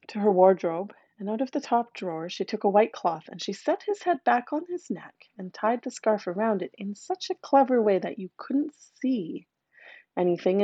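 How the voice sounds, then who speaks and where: A woman narrates a grim folk tale in a mellow, warm voice, breaking off for chatty asides to her listeners. The recording is dry and a little dull in tone. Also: medium pitch, husky, no echo. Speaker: storyteller. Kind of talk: oral fairy-tale storytelling with asides.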